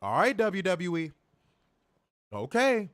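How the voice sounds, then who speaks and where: Animated high-pitched man ranting. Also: slow pace, dry recording, clean studio sound. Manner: animated, mimics voices, swears a lot. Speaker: wrestling review show co-host. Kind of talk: casual profane podcast banter.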